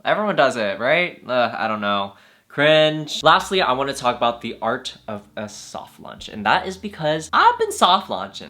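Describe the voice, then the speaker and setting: A young man talks straight to camera in a loose, confiding chat. His voice is bright and forward, and for quoted lines he sometimes jumps up into a high, playful register before settling back into plain talk. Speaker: vlogger.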